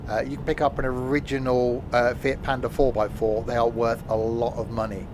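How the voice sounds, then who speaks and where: A man's voice: medium pitch, little pitch movement, fairly quick, noisy background. A man streaming a train simulator, rambling and self-mocking, with many fillers. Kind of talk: live gameplay commentary.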